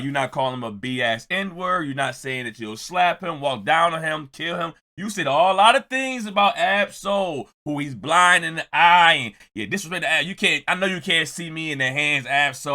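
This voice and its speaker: A man commenting on a clip in a reaction video, ranting and repeating himself, sometimes shouting as he mimics others. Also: a little high, normal speed, hardly any pauses.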